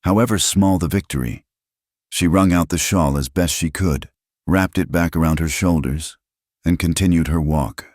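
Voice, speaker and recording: Deep voiced guy reading a western story, slow dramatic measured delivery, dry sound. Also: dry recording. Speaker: narrator. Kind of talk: scripted storytelling narration.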